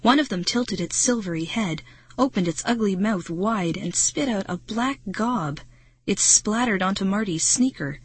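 A woman narrating a children's audiobook in a brisk, dramatic storytelling manner. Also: mid-range voice, expressive, slightly rough, no echo. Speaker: audiobook reader.

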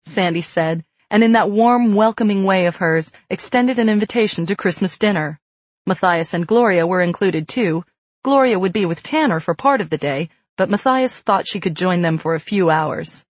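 A woman reads a novel aloud with calm, steady pacing in a lowish voice. The recording is dry and slightly dull. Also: moderate pace, no echo. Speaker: audiobook narrator. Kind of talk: scripted narration. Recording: dull dry studio read.

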